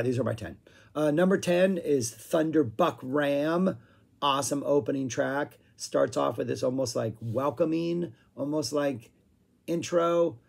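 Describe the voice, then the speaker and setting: Guy with a husky gravelly voice chatting about albums, kinda hoarse, lots of ums. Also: medium pitch, a little mellow. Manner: rambling, filler-heavy, hums guitar riffs. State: losing his voice, clearing throat. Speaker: music review vlogger. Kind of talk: casual chat.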